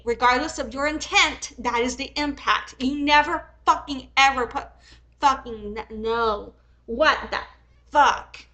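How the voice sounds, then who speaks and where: Bright, high-voiced angry woman streamer. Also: low-quality recording. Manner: heated and profane, swings from reading calmly to angry outbursts; rambling, many restarts and filler ums. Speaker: commentary streamer. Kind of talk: reacting while reading messages aloud on a live stream.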